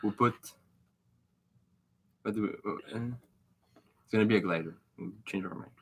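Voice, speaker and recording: A man's voice: lowish voice, unhurried, vocal fry, breathy edge. Joking co-host man from Quebec. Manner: joking, laughs often. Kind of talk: casual live-stream chat.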